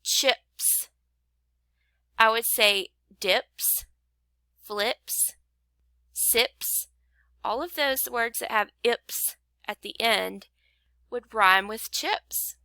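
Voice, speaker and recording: A woman's voice: a little high, bright, forceful tone, no echo. A woman teaching a phonics lesson, patiently sounding out rhymes and syllables for young learners. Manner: slow, patient, clapping out syllables.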